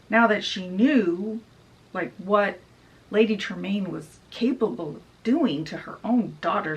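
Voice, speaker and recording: A woman's voice: medium pitch, fairly bright tone. Woman book vlogger, chatty story recap, mic a little far off. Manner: chatty, storytelling, with fillers like "she's like". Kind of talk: casual book summary vlog.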